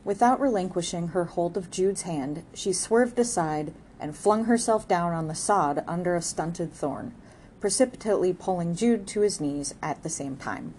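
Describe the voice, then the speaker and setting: A woman narrating an audiobook, reading a classic novel in a measured way. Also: lowish voice, expressive, a little mellow, a little hiss or hum. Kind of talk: scripted narration.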